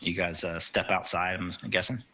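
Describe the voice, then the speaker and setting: Very deep-voiced male game master. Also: steady tone, normal speed, sharp tone, highs cut off. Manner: casual, hesitant with fillers. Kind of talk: narrating a tabletop game.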